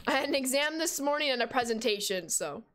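High-voiced chatty young woman streamer. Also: fast talker, a little hiss or hum. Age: 20s. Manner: chatty, reads out and answers chat while playing; excitable, sudden high squeals of surprise. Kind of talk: casual game stream chat.

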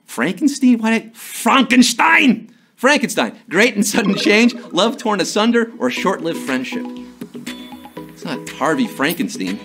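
A man's voice: high voice, very animated, unhurried, sharp tone, husky, soft background music. A man hosting a live trivia game show, with jokey, hyped-up patter.

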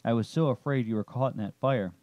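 A man voicing a raspy, caring old father figure in a narrated story. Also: mid-range voice, brisk, mellow, dry recording, close to an everyday voice. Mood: relieved.

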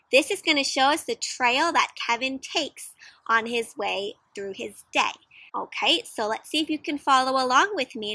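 A young adult woman reading a picture book aloud to children in an animated way, gasping and asking them questions. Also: a little high, breathy edge, dry recording. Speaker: children's storyteller. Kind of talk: interactive read-aloud for kids.

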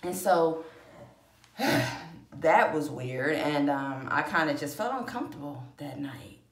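Woman vlogger, lowish voice, emotional rambling storytime, echoey room. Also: lively intonation, slow. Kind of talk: casual personal storytelling.

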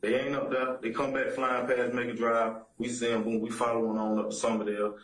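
A man under questioning talks in rapid, halting bursts, stumbling over and repeating his words in casual street slang. His voice sits in a middle register and echoes around a bare interview room. It sounds like an old recorded police tape. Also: mid-range voice, little pitch movement. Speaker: witness being questioned by police.

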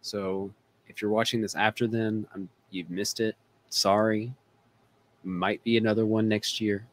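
A man's voice: lowish voice, fairly even intonation, a little slow. A man hosting a casual podcast chat who laughs often while joking. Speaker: podcast host.

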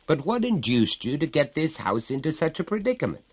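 A man doing a pompous, indignant old gentleman. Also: on the high side, sing-song, a little fast, husky, pitched above the performer's own voice. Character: exasperated, indignant older gentleman householder. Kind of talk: storybook reading.

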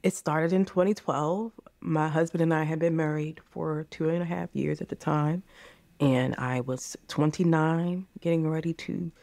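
A woman's voice: sits low, fairly even intonation, moderate pace, creaky, darkish tone, dry recording. Impassioned woman in her forties, dry sound. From United States. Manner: earnest, impassioned, addresses listeners as "you guys". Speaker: podcast guest. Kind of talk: candid interview conversation.

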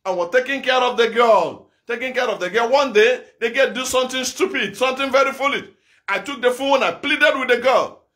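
Male evangelist, very high and bright tone, impassioned sermon with shouted repeats. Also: a little fast. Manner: impassioned, repetitive, bursts of shouting. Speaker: evangelist preacher.

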